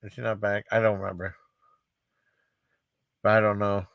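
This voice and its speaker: A man's voice: lowish voice, level tone, moderate pace, gravelly, no room sound, dull audio. A man chatting casually on a live stream, upbeat and rambling with lots of fillers. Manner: rambling, upbeat, many fillers like "you know" and "I mean". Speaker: livestream host.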